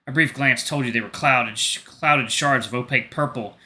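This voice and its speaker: A man's voice: mid-range voice, moderate pace. A man hosting a gaming channel, reading a story game's narration aloud and commenting casually. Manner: casual reactions between steady narration.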